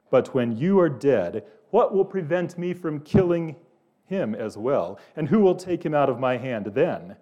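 A man's voice: dark tone, close to an everyday voice. A man voicing a cold, cruel witch queen who insists and threatens, read aloud within a sermon. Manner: insistent, rising to shrill threats.

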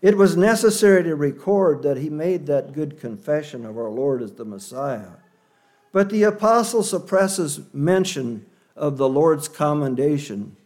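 Man preaching a sermon, slow deliberate pace, slightly high voice, earnest, stresses key words. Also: lively intonation, darkish tone.

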